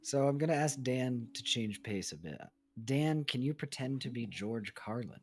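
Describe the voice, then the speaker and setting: A man co-hosting a casual podcast, quick to laugh. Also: medium pitch, animated. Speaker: co-host.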